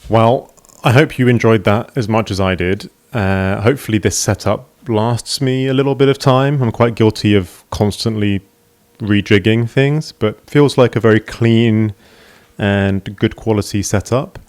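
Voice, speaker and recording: A man's voice: lowish voice, moderate pace, darkish tone, no room sound. A man casually talking through his gaming and streaming desk at home, rambling a little with fillers and restarts. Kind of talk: casual desk setup tour. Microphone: desk microphone on arm.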